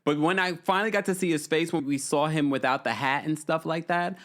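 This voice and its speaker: A man hosting a casual live stream, reading viewer comments in an animated, playful way. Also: on the high side, fairly quick, gravelly, hardly any pauses. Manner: animated and playful, often laughing. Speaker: host of a live reality-TV chat stream.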